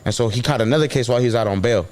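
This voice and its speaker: This man's voice is mid-range and a little mellow, delivered rapid-fire. He's a guest from San Diego casually telling a story in an interview, slangy and swearing often as he acts out quotes.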